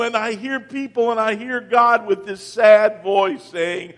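A man with a high voice preaching slowly and deliberately, his sermon swinging between ringing calls and hushed near-whispers. His words carry a long reverb from a large church hall. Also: lively intonation. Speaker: pastor.

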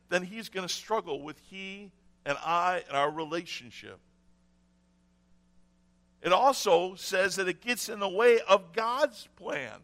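A man's voice: high-pitched, bright, forceful tone. A man preaching a sermon in an earnest way, repeating key phrases for emphasis. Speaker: pastor.

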